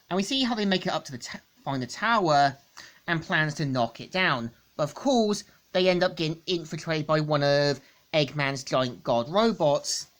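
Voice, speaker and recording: A woman reviewing a comic book in a casual, rambling plot recap, repeating stock phrases. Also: low-pitched.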